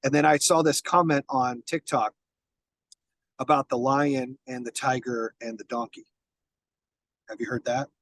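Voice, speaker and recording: Blunt, husky-voiced man talking business. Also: mid-range voice, fairly even intonation, unhurried, pauses often, a bit bright, no room sound, low-quality recording. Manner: emphatic, blunt, swears, frequent restarts. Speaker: podcast guest, business founder. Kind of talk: casual interview chat.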